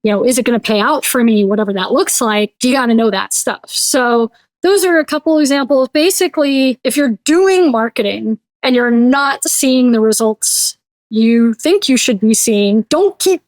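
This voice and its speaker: Brief: high-pitched woman guest, blunt and animated, slips into quoted voices, dry close sound. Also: normal speed, no room sound. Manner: blunt, joking. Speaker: guest brand consultant. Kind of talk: casual interview talk.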